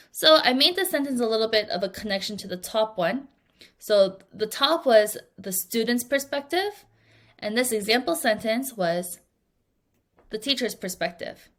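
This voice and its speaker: A young woman with a slightly high voice leads a recorded English vocabulary lesson. Her delivery is clear and deliberate, and she often slips into playful voices to act out little scenes. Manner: lively, acts out little scenes with character voices. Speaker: English teacher.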